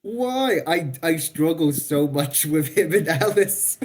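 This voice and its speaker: A man's voice: on the high side, animated, slow pace. A man cohosting a gaming podcast in casual chat, self-deprecating and laughing as he talks. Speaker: let's-play podcast cohost.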